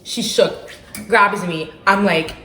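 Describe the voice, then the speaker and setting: A young adult woman casually telling a dramatic personal story for her vlog, animated and slangy with bursts of laughter. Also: medium pitch, takes it slowly. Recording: roomy echo.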